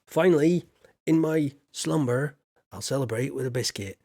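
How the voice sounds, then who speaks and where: A man's voice: mid-range voice, normal speed, gravelly, a little mellow, no room sound. Chatty English man streaming a farming game. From England. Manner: chatty and playful, muttering asides, trailing off. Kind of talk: casual live-stream gameplay chat.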